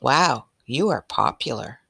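A woman's voice: very deep voice, very animated, unhurried, creaky, fairly bright tone, slightly rough, dry recording, studio quality, exaggerated voice. A woman voicing a curious, inquisitive voice in a read-aloud story that keeps asking questions.

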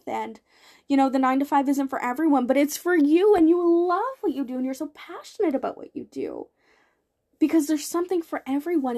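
A woman's voice: high-pitched, warm tone. A young woman hosting a motivational podcast, talking earnestly and encouragingly with repeated emphasis. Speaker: podcast host and life coach.

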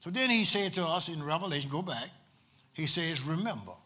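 A man's voice: a little high, expressive, brisk, bright, forceful tone. A man a sermon as pastor, repeating phrases for emphasis and drawing call-and-response from the congregation.

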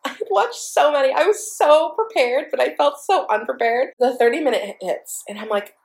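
A young woman hosting her own podcast, telling a story in an excitable, profane, breathless way. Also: sits high, normal speed. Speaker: podcast host. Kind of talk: casual storytelling monologue.

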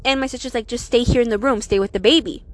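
A young woman with a fairly high voice speaks fast as she casually tells a scary story from her own life. She's animated and profane, swearing often and packing her speech with "like."

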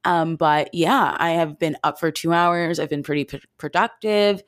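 Young woman hosting a podcast, deep groggy morning voice, chatty, dry close sound. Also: fairly even intonation, moderate pace, no echo. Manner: chatty, upbeat, self-deprecating. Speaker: podcast host. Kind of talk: casual podcast intro.

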